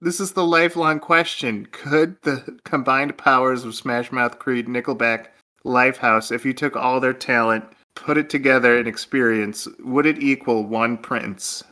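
A man's voice: mid-range voice, steady tone, normal speed, few pauses, sharp tone. A man co-hosting a casual, comedic podcast chat, playful and joking, often breaking into laughter. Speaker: podcast co-host.

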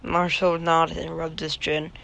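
Gravelly man reading fan fiction sardonically. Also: on the high side, completely flat delivery, unhurried, background noise. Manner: sardonic asides, stumbles over words. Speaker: reader.

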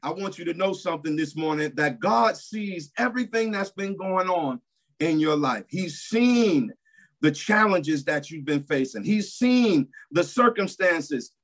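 A man preaching a sermon in a church service, emphatic and repetitive, swinging between loud declarations and hushed asides. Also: fairly high pitch, expressive, unhurried.

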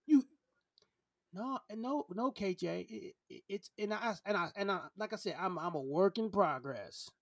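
A man's voice: high-pitched, animated, unhurried, creaky, dry recording, studio quality. A man hosting a casual podcast conversation, earnest and open, often repeating words as he searches for his thoughts. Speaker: podcast host.

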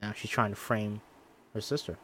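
A man's voice: fairly low pitch, little pitch movement, normal speed, bright, forceful tone, a little hiss or hum. A man reading a film script aloud for viewers, narrating stage directions and chatting casually with a lot of swearing. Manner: profane, laughing often.

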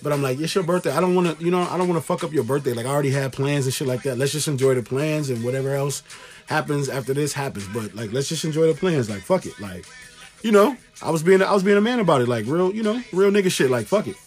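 A man's voice: fairly high pitch, fast, faint music behind. A young man co-hosting a podcast, telling a story in casual chat with slangy, profane, laid-back talk. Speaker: podcast co-host.

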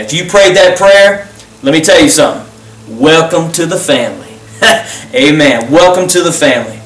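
Fervent preaching man, higher voice. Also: animated, moderate pace, fairly bright tone. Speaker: pastor and host. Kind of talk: closing altar call and prayer. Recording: roomy sound, distant mic.

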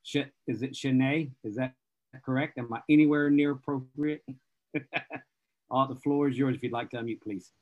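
A man's voice: medium pitch, fairly even intonation, normal speed, darkish tone. A man casually hosting an online networking event, handing over to speakers and joking about being bad with names. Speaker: host. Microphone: video call. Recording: dull lo-fi video call audio.

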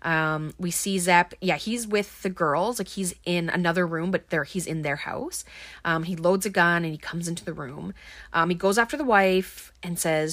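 A woman's voice: lowish voice, moderate pace, fairly bright tone, no room sound. A woman recapping a film in a casual, rambling way, with plenty of ums and likes. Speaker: podcast host recapping a film.

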